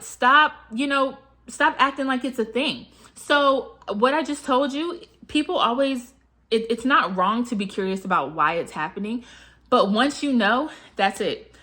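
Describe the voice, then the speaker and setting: A woman's voice: sits high, pushed and bright. A woman talking casually to camera as a manifestation coach. She asks many rhetorical questions and fills her talk with "like" and "you know".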